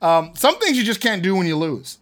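Guy cohosting a sports podcast, kinda high voice, jokey, laughs a lot. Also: a little fast. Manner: joking, animated, laughs often. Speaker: podcast co-host. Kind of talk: casual sports podcast chat.

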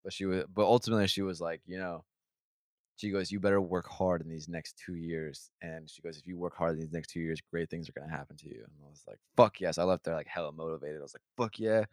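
A man's voice: low voice, fast talker, a little mellow, no echo, clean studio sound. A young man telling a rambling, profane story in a casual podcast chat. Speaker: podcast co-host.

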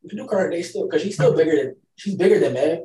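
Animated man in a roomy room. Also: fairly high pitch, fast talker. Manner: animated, repeats words and restarts, slangy. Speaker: podcast co-host. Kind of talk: casual podcast chat. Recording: roomy, distant mic, faint noise.

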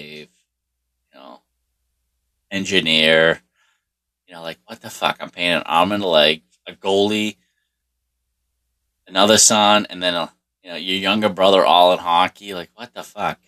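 A man casually telling a rambling personal story, swearing constantly and filling pauses with "like" and "you know.". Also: low voice, bright, forceful tone. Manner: profane, rambling, heavy on swearing and fillers.

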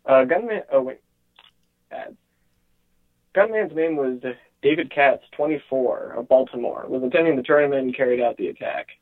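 A man's voice: mid-range voice, normal speed. A man calling in to a show, talking casually with many hesitations and small laughs. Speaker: caller. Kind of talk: casual call-in chat. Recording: tinny phone line.

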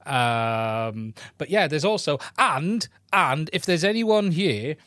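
A man's voice: a little high, lively intonation, takes it slowly, fairly bright tone, no echo, studio quality. A man hosting a weekly tech live stream, casually chatting and greeting viewers by name.

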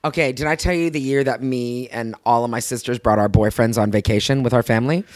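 A woman co-hosting a podcast, chatting casually and telling rambling stories full of "like", with bursts of excited shouting. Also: very deep voice, quick pace, no room sound, clean studio sound. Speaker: podcast co-host. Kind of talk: casual chat.

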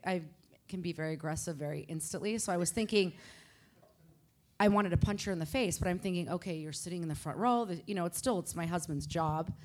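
A woman telling a story on stage at a live podcast, animated and blunt, swearing freely. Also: on the low side.

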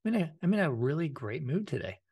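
A man's voice: a little high, very animated, quick pace, darkish tone, slightly rough. A man co-hosting a podcast, upbeat and joking in casual chat. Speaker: podcast co-host.

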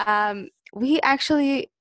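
A young woman chats casually, going off on animated tangents. Her storytelling rambles with lively restarts. Her voice is recorded close and dry. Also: sits high, slow, no room sound. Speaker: podcast co-host. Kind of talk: casual chat.

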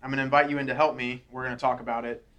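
Bright-voiced man teaching a church group. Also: mid-range voice, level tone, rapid-fire, muffled recording. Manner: conversational, earnest, repeats patterns step by step. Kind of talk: informal teaching talk to a small group.

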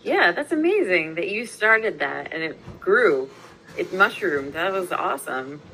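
A woman with a low, gravelly, bright-edged voice chimes in slowly with short encouraging replies in a casual podcast chat. Her pitch swings widely, and faint noise hangs under the recording. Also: sing-song, rough recording.

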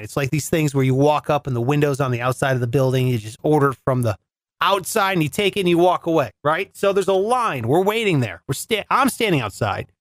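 A man's voice: fairly high pitch, animated, fairly quick, no room sound, studio quality. A man hosting a podcast, telling a comedic story in a chatty, sarcastic way. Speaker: podcast host.

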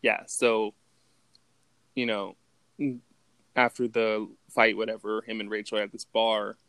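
A man's voice: fairly low pitch, little pitch movement, a little slow, a bit bright, clean tone, dry recording. A man co-hosting a podcast, retelling movie scenes in casual chat and laughing often. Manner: laid-back, laughs often, acts out quotes in voices. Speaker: podcast co-host.

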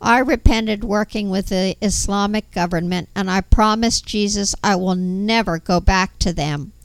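A woman voicing a remorseful former male spy who pleads for forgiveness, speaking slowly and earnestly. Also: medium pitch, gravelly, smooth, no echo, low-quality recording. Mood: pleading.

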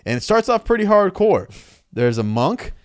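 A man casually recapping a comic book story as podcast co-host, animated, acting out quick quotes. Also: high voice, clear, resonant tone, no room sound, studio quality. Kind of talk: casual chat.

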